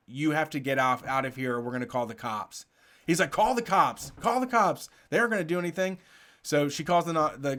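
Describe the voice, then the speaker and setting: A man on a casual talk show, telling a story with lots of swearing, laughing through parts of it. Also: medium pitch. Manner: animated, profane, laughs while telling. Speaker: podcast host telling a story.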